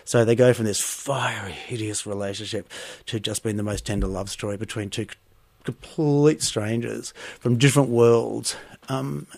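A middle-aged Australian man, a stage performer, telling stories as an interview guest, expressive and lively when amused. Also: lowish voice, moderate pace, vocal fry, dry recording. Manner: expressive storyteller, animated bursts when amused. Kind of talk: interview conversation.

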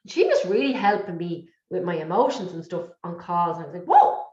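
A middle-aged woman speaking as an interview guest, telling her story in an emotional, repetitive, animated way. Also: lowish voice, a little fast. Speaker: guest, business coach. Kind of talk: candid conversational interview. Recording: echoey, dull lo-fi audio.

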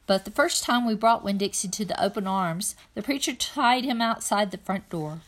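Woman reading a kids' book out loud, even steady narration, middle pitch. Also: normal speed. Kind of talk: read-aloud storytelling.

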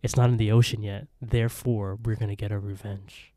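A man's voice: fairly low pitch, level tone, brisk, dark tone, no room sound, clean studio sound. A man co-hosting a podcast, recapping an episode in a rambling, casual way and acting out the characters' lines with laughs. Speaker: podcast co-host.

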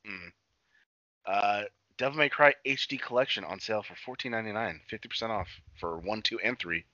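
A man with a lowish voice co-hosts a casual podcast about a movie, speaking briskly on a dry, lo-fi recording. He's animated, swears freely and acts out lines from scenes.

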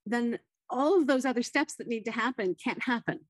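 A woman's voice: on the high side, moderate pace, no room sound. A woman hosting an interview, listening attentively and prompting with short affirmations and questions. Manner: attentive, steady with brief affirmations. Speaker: host.

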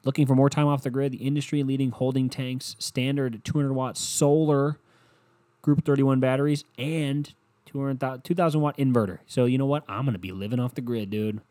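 A man's voice: mid-range voice, steady tone, brisk, mellow, dry recording. A young man hosting a solo comedy podcast, rambling and swearing and laughing at his own jokes. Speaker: podcast host.

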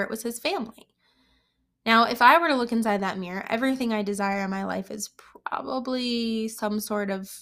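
A young woman speaks as a self-help coach, her voice sitting a little high. She talks emphatically and encouragingly, circling back to repeat her key phrases. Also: a bit bright. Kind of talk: motivational monologue to camera.

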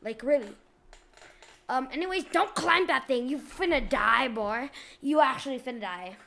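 A woman with a high, bright-pitched voice hosts a laid-back video, reading online posts aloud. She talks in loose slang, giggles often, and jumps between loud outbursts and quieter asides. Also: expressive, moderate pace, vocal fry. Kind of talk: casual commentary and reading aloud.

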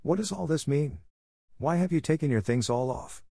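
A man voicing an impatient aunt who scolds a child in an excited, reproachful way. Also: lowish voice, normal speed, dry recording, clean studio sound, close to an everyday voice. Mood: exasperated. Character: shrill scolding middle-aged aunt, impatient woman.

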